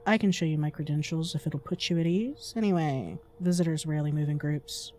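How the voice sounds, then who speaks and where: A woman voicing a calm government field agent with a measured, formal manner. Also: deep voice, slight background noise, voice pushed down, natural voice.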